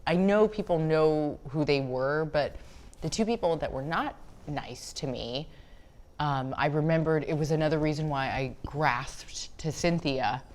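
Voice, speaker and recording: A woman's voice: low voice, unhurried, a little mellow. A woman hosting a podcast, asking questions and reminiscing enthusiastically in casual chat. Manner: enthusiastic, laughing easily. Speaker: podcast host.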